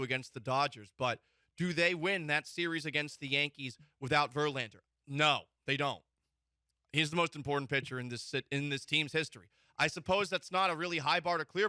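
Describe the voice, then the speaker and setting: A man's voice: on the high side, clear, resonant tone, no room sound, clean studio sound. A man hosting a sports talk show, opinionated and joking. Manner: animated, mock-emotional, joking.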